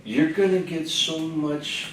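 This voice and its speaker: A man's voice: a little high, takes it slowly. A man chatting casually about everyday encounters, slipping into the voices of the people he quotes. His voice rings around a very echoey room, picked up from a distance with a faint hiss behind it. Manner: animated, acts out quoted exchanges. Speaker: veteran guest on a panel. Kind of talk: casual storytelling in a group chat. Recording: echoey room, voice from far off mic, faint noise.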